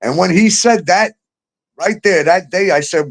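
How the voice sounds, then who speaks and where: A man's voice: high-pitched, a little slow, creaky, poor audio. Profane ranting man, raised voice. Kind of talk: casual profane chat.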